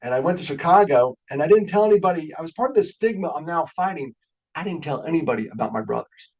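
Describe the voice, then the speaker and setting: Middle-aged male guest speaker, husky, gravelly; casual, joking, candid delivery. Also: fairly high pitch, expressive, fast, a little mellow, poor audio. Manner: conversational and joking, openly emotional. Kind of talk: webinar talk.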